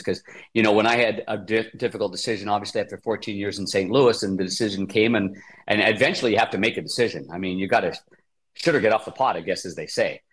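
A man co-hosting a podcast in casual chat, rambling and folksy, often restarting his sentences. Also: on the low side. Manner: rambling, self-correcting, folksy. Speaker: podcast co-host.

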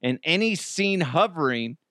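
Animated, laughing American podcast host. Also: male voice, a little high, unhurried, no echo, studio quality. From United States. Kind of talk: casual news commentary podcast.

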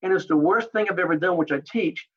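A man, a martial artist and actor, telling animated anecdotes in an interview and acting out other people's lines. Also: high-pitched, fast, breathy edge, dull audio. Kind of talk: storytelling interview.

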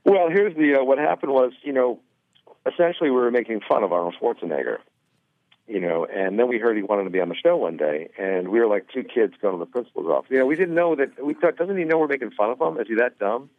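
A man's voice: medium pitch, lively intonation, fast talker, no echo. Easygoing man on a tinny phone line. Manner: easygoing, rambling with many fillers. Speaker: guest comedian. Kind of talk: phone interview chat.

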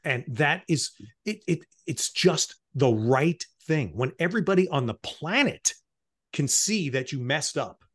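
A man's voice: on the high side, animated, measured pace, fairly bright tone, breathy edge. A man hosting a sports talk show, making firm, emphatic points about game broadcasting and officiating. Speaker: sports broadcaster and podcast host.

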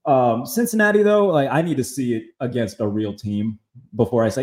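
A man hosting a casual sports talk podcast, chatty, full of fillers and quick asides. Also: medium pitch, a little mellow, roomy sound. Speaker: podcast host.

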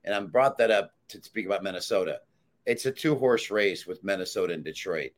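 A man's voice: sits low, fairly quick. A man handicapper in casual sports talk, confidently and emphatically giving his betting picks.

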